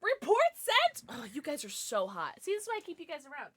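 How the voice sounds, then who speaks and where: Lively, playful woman streamer. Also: sits high, quick pace. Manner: playful and jokey, thanks viewers warmly; coos in baby talk to her dogs. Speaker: livestreamer. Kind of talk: casual chat with stream viewers.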